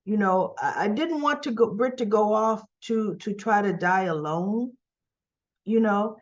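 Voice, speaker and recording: A woman's voice: medium pitch, unhurried. Emotional woman recapping a soap. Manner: emotional, rambling storytelling that acts out the dialogue. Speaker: soap opera reviewer. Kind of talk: casual episode recap. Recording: dull lo-fi sound.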